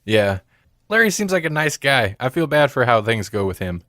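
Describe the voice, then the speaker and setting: A man's voice: medium pitch, very animated, moderate pace, sharp tone, no echo, studio quality. A man co-hosting a movie review podcast, chatting casually and rambling, laughing often. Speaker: podcast co-host.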